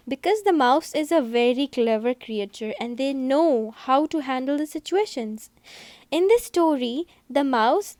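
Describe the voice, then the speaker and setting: A woman teacher giving a recorded English lesson to young pupils, speaking slowly and repeating herself to explain each step. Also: high-pitched, darkish tone, dry recording. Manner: slow, repetitive, explaining step by step.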